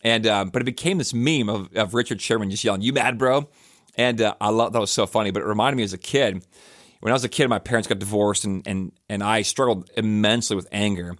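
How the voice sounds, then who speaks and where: Low-voiced rambling pastor on a podcast. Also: male voice, fast talker, a bit bright, no echo, clean studio sound. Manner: rambling, self-correcting storyteller with frequent fillers. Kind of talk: casual podcast talk.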